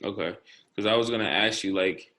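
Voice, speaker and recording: A man's voice: on the low side, brisk, bright, forceful tone. A man co-hosting a casual podcast who puts short, probing questions to his friend. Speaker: podcast co-host.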